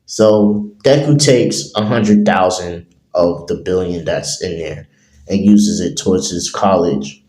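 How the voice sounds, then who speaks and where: A man's voice: deep voice, warm tone. A man improvising a fan story, rambling with many fillers. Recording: roomy echo.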